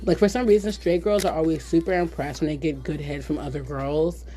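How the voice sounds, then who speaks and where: A woman podcast host telling candid stories in casual chat, blunt and animated, with many "like"s. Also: sits low, fairly quick. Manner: blunt, animated storyteller with frequent "like".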